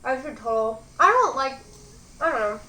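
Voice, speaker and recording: A woman's voice: sits high, expressive, moderate pace, pushed and bright. A woman in her twenties hosting a mukbang, talking in a rambling, chatty way with lots of "like" while she eats. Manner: rambling, chatty, heavy use of "like". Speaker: mukbang host. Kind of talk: casual chat while eating. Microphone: phone. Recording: roomy phone recording.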